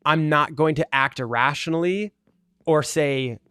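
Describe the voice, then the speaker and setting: Earnest man with a higher, dry voice. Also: unhurried, pushed and bright, smooth, no echo. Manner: earnest, argumentative, frequent "like" fillers. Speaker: gaming video creator. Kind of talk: casual commentary over gameplay.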